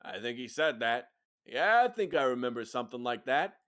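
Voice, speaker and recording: A man voicing a boisterous male ringleader who talks loudly and eagerly. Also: medium pitch, very animated, normal speed.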